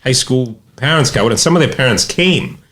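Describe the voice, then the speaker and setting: A man's voice: medium pitch, expressive, normal speed, fairly bright tone, a little hiss or hum. A middle-aged man from New England, co-hosting a podcast, telling a self-deprecating story from his amateur soccer days. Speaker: podcast co-host. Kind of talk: casual storytelling.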